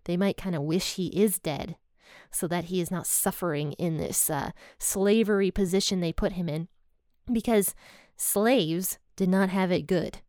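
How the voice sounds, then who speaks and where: A woman's voice: lowish voice, mellow, dry recording. Dry-sounding woman retelling a Bible story. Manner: conversational, thinks aloud with frequent "I think". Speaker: podcast host.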